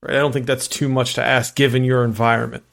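A man's voice: mid-range voice, level tone, fast, gravelly, fairly bright tone. A man co-hosting a casual sports podcast, giving firm opinions in a conversational way. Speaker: podcast co-host.

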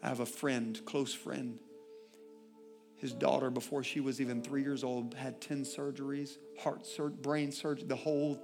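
A male pastor preaching a sermon, swinging from loud, impassioned declarations to quiet, intimate asides. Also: medium pitch, little pitch movement, normal speed, creaky, faint music behind.

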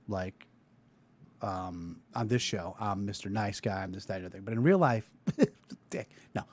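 A man's voice: on the low side, normal speed. A man hosting a casual talk show, ranting loosely with plenty of swearing. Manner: animated, swearing, rambling rant. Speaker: podcast host.

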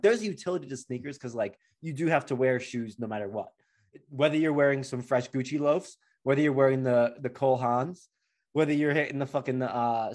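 A man co-hosting a casual podcast, talking in a playful, rambling way full of jokes and filler words. His voice sits at an ordinary pitch. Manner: playful, joking, rambling with many "like"s. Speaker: podcast co-host. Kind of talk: casual chat.

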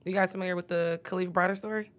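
A woman's voice: fairly low pitch, steady tone, very fast. A young woman co-hosting a podcast, telling a story in a laid-back way with slang and fillers. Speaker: podcast co-host. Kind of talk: casual chat.

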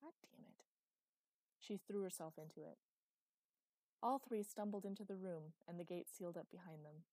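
A woman narrating a fantasy audiobook in a measured, expressive read. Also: lowish voice, dry recording.

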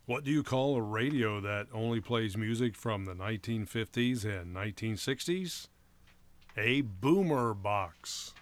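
A man's voice: on the low side, expressive. A man co-hosting a radio show, telling jokes and short stories in an easygoing way. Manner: unhurried, easygoing storytelling. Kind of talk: joke-telling radio chat.

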